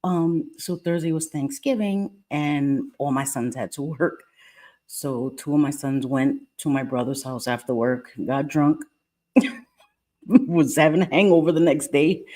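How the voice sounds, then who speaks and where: Middle-aged female streamer, low register, rambling friendly chat, hushed so as not to wake the house. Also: a little slow. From Puerto Rican heritage. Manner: chatty, greets viewers by name, rambling asides; keeping her voice down. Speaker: live-stream host. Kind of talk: casual live-stream chat. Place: at home.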